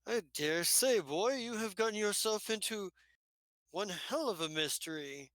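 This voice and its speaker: A man's voice: high-pitched, animated, unhurried, fairly bright tone, no room sound, voice pushed up. A man voicing a wry, teasing older male informant who talks in a drawling, folksy way.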